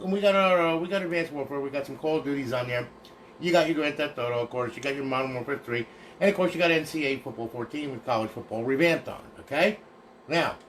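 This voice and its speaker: A man's voice: mid-range voice, slight background noise. A man casually walking through modded game consoles on a livestream, chatty and folksy, thanking each buyer by name.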